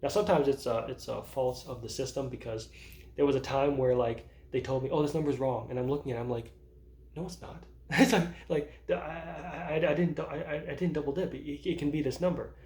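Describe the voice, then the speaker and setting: A man's voice: medium pitch, steady tone, fairly quick, darkish tone. Rambling man in his thirties, roomy sound. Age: 30s. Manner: rambling, self-interrupting, laughs at himself. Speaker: vlogger. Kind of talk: casual personal vlog. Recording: roomy echo.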